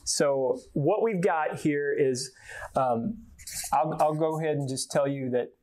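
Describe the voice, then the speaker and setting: A man's voice: on the high side, slow pace, darkish tone. A man from Georgia, giving a folksy, joking conference talk and often repeating words. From Georgia, USA. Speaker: conference speaker.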